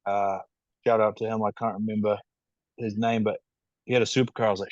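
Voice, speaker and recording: A man with a New Zealand accent answers questions on a podcast in a low, even, matter-of-fact voice. His audio comes through a video call, dry and a little dull. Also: no echo. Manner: measured, matter-of-fact, calls himself rational. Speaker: podcast guest. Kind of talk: casual podcast interview.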